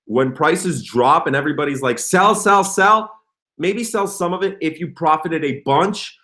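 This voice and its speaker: A young man hosting a casual livestream, talking in an excitable, rambling way and reading comments aloud. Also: on the high side, moderate pace. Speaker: crypto livestream host.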